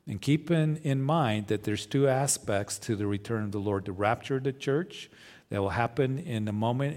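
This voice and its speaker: A man's voice: medium pitch, a little mellow. A male pastor preaching a conversational sermon, often asking rhetorical questions.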